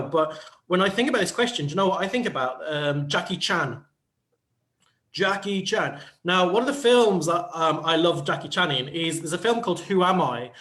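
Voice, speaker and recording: High-voiced man, reflective coach. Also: a little fast, a bit bright. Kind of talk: panel talk show chat.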